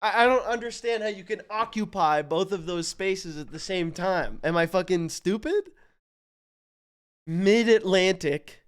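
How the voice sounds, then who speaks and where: Man, from Canada, live streamer, high voice, smooth tone, hyped, swears, thinks aloud. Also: measured pace. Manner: hyped, profane, thinks aloud while guessing. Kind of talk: casual live-stream commentary.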